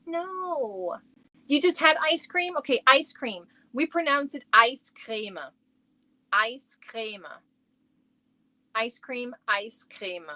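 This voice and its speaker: A woman's voice: high voice, animated, slow pace, bright, forceful tone, no echo, rough recording. A woman hosting a casual crochet livestream from home, chatting and reacting to viewer comments as she shows yarn. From Germany.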